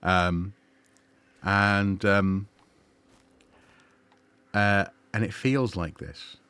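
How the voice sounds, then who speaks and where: A man's voice: lowish voice, fairly even intonation, extremely slow, sharp tone, clean tone, dry recording. A man streaming a game, chatting and musing with lots of fillers and restarts. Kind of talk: gaming livestream commentary.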